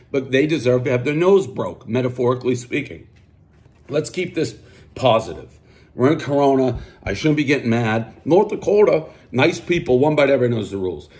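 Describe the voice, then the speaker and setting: A man hosting a pizza review outdoors, ranting combatively, swearing constantly and boasting about himself. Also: mid-range voice.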